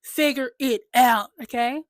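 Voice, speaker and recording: A loud, bossy old nanny, voiced by a woman telling a story, scolding everyone around her. The voice is pitched up and the delivery is brisk. It sounds dry and close. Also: dry recording, natural voice.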